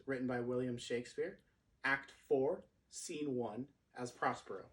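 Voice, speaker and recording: Man giving a quick self-introduction. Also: medium pitch, poor audio. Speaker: actor introducing himself. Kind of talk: brief spoken introduction.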